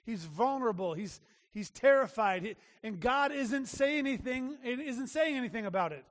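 A man preaching a sermon as a pastor, earnest and emphatic, often restarting his phrases. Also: very high voice. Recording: long reverb of a large hall.

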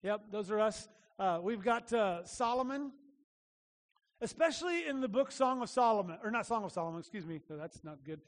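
Male pastor, conversational sermon, high voice, animated, echoing church hall. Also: normal speed.

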